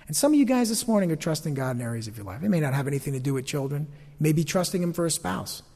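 A male pastor preaching a sermon in a lively, animated way, acting out the voices he quotes. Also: on the high side, rapid-fire. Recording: long hall reverb.

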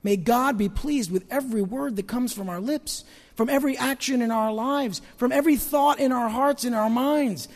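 Speaking at a moderate pace in an extremely high pitch, a man preaches a sermon in a large hall. He poses rhetorical questions to the congregation and moves back and forth between loud emphasis and hushed asides.

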